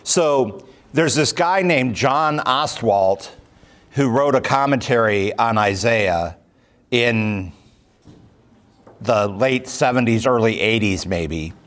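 A pastor leads a Bible class at a slow, unhurried pace. He thinks aloud, pausing often with ums and restarting sentences. His voice sits at a middle pitch for a man. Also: animated, fairly bright tone. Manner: slow, thoughtful, many fillers and restarts. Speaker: pastor leading Bible study. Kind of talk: unscripted Bible class teaching.

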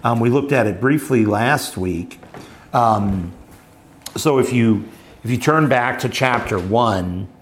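A man leading a Bible study, explaining scripture in a thoughtful, halting way with many pauses and fillers. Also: mid-range voice, expressive.

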